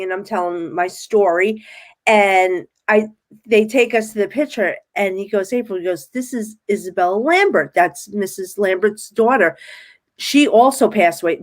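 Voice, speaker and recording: A woman tells her story as a podcast guest, mid-pitched and chatty. She jumps into little voices for the people in her tale, keeping a casual, excited flow. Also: normal speed. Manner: animated storyteller, acts out her own quotes. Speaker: guest medium.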